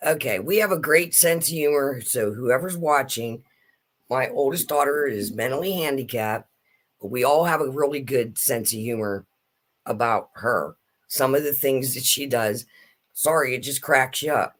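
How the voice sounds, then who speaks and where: A middle-aged woman telling a family story in casual chat, animated and laughing as she goes. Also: extremely low pitch, moderate pace.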